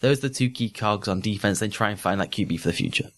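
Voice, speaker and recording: A man's voice: on the low side, quick pace. A man co-hosting a sports podcast, breaking down games in fluent, analytical casual chat with frequent restarts. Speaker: podcast co-host.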